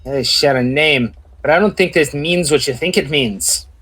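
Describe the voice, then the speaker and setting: A man's voice: fairly high pitch, moderate pace, fairly bright tone, slightly rough. A man voicing a fierce, menacing woman naval commander with an attempted Irish accent that drifts toward Scottish. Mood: scornful.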